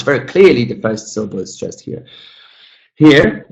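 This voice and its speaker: A male English teacher leads an online class in a relaxed, chatty way. His voice sits at an ordinary middle pitch. He often addresses the students as "guys" and says example words slowly to model stress. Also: low-quality recording.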